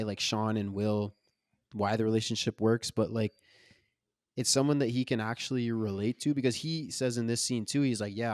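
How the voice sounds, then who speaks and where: A man talking about a movie in relaxed podcast chat, his voice a little low and his manner lively and loose. The sound is dry and close, with no room echo. He uses plenty of slang and repeats himself as he gets excited. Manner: animated, loose, casual with slang. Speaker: podcast co-host. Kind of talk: casual film discussion.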